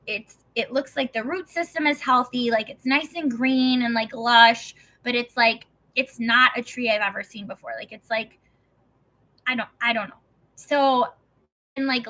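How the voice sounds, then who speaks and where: A woman's voice: a little high, a little slow, bright, forceful tone, rough recording. A young woman in casual storytelling, rambling with lots of "like" and some swearing. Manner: rambling, heavy use of "like", swearing.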